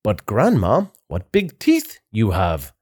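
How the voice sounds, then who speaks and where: A man voicing an innocent, curious little girl in a storybook, in a high, wide-eyed voice. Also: wildly swooping pitch, slow pace, a little mellow, breathy edge, heavily acted. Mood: puzzled.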